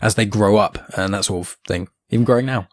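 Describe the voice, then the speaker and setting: Podcast host guy, talks fast, lowish voice, rambling curious questions, dry sound. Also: dry recording. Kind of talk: casual interview.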